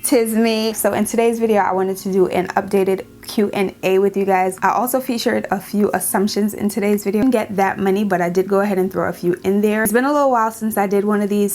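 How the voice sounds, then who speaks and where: A woman's voice: mid-range voice, darkish tone, a little hiss or hum. A young woman with a New York accent, chatting casually to her viewers in a Q&A vlog in an upbeat way. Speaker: YouTuber hosting her channel.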